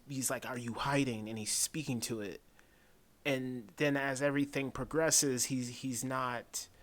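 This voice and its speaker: A man of ordinary pitch talks through a film in a loose, rambling way. He keeps circling back and tossing in "man", and his voice goes quiet and hushed whenever he retells a scary moment. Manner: rambling, repeats himself, says "man" a lot. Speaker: movie reviewer. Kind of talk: casual spoken film review.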